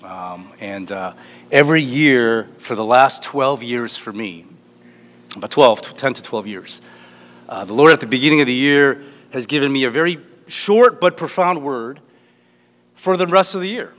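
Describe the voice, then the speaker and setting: A man's voice: mid-range voice, expressive, moderate pace, a bit bright. A middle-aged man preaching a sermon as a pastor, joking and rambling with restarts. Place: church hall. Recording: echoey hall with long reverb.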